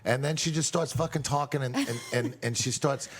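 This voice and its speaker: Male podcast host, mid-pitched, rambling and profane storyteller on a bar stage. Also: brisk, slightly rough. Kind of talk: casual chat.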